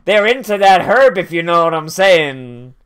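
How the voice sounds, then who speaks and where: A man's voice: high-pitched, big pitch swings, measured pace, fairly bright tone, smooth. A man giving profane, sarcastic watch-along commentary on an anime, mock-angry and swearing often. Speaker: anime reactor.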